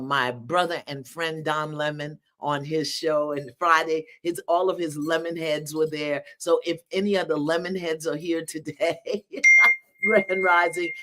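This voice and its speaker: An older woman hosting a live stream, exuberantly greeting viewers and calling out their cities. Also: low-pitched. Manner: lively, exuberant, calls out cities. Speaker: host of a livestream.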